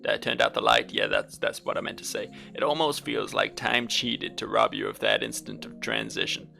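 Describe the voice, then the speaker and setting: A man voicing a calm, wise female friend, reading game dialogue in a reflective, gently persuasive way. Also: on the low side, normal speed, gravelly, faint music behind, heavily acted.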